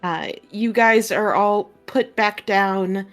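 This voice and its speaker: A woman narrating a tabletop role-playing game as game master, unhurried and full of "like" and "uh" fillers. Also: mid-range voice, fairly even intonation, soft background music.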